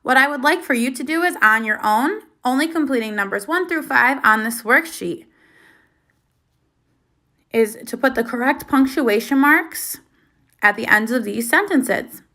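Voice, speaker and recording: This high-voiced woman is a teacher leading a recorded reading lesson aimed at small children. Her delivery is slow, clear and supportive, with energetic words of praise.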